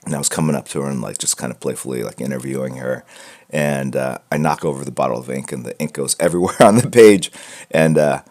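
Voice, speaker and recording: Very deep, gravelly-voiced man chatting casually. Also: a little mellow. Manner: rambling, joking, full of fillers and restarts. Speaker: host of a live art portfolio critique stream. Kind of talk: casual livestream chat. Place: room at home with piles of comic books. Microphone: wearing headphones.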